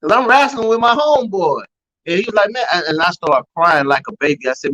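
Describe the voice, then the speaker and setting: A guest from Louisiana with a New Orleans accent tells his life story as an emotional personal testimony, acting out the voices of the people in it and often saying "man" and "you know." His high voice is pushed and bright, lively in intonation and fairly quick. The recording is rough.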